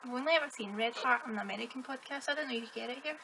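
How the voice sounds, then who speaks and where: A woman's voice: a little high, racing, gravelly, noisy background. A woman with a Scottish accent, a guest on a podcast, chatting casually and laughing often. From Scotland. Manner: giggly, friendly back-and-forth. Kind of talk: casual chat.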